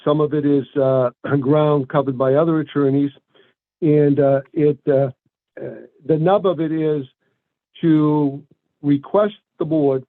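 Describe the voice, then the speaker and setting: A man from Brockton, an attorney, making a formal, deliberate address to a board, pausing often with ums and uhs. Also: a little high, no echo. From Brockton, Massachusetts. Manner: deliberate, formal phrasing with frequent hesitations. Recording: dry, tinny phone-like sound.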